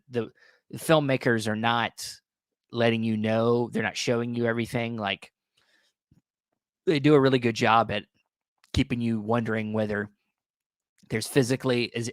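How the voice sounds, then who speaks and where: A man's voice: mid-range voice, dry recording, clean studio sound. A man hosting a casual vlog about his recent Blu-ray purchases, rambling with many restarts and fillers, his voice a little worn as he is losing it. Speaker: video host reviewing Blu-ray purchases. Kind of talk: casual unscripted vlog talk.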